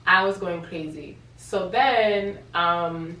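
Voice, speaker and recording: A young woman vlogging in a chatty, animated way, acting out the voices in her story. Her voice sits a little low and sounds somewhat distant from the mic, with the room echoing around it. A faint hiss of ambience hangs underneath. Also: moderate pace. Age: young adult. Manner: chatty, animated retelling with quoted dialogue. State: pregnant. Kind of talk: casual storytelling vlog.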